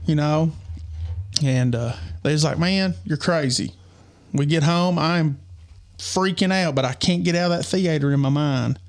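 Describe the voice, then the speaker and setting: Guy telling his story on a podcast, kinda high voice, stops and restarts a lot. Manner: earnest, halting, many restarts. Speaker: podcast co-host. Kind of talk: personal storytelling.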